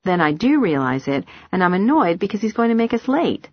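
A woman narrating a novel in the first person, with steady, measured storytelling. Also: medium pitch, dry recording, muffled recording. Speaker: audiobook narrator.

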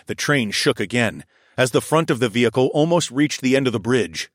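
A young adult man narrating a first-person adventure story in a steady storytelling voice. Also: brisk, no echo, clean studio sound. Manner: steady storytelling, voicing his own lines louder and higher.

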